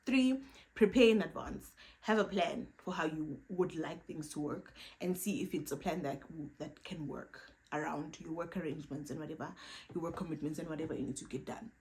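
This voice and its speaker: A woman's voice: deep voice, normal speed, a little mellow, poor audio. A young woman giving casual, emphatic career and study advice in a vlog, repeating her points with playful asides. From South Africa. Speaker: vlogger.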